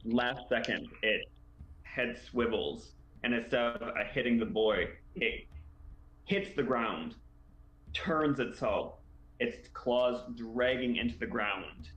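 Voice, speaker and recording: A man narrating a tabletop game as game master, halting with many fillers, over an online call. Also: mid-range voice, fairly bright tone. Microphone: computer mic, online call. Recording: echoey room, dull lo-fi sound, faint hiss.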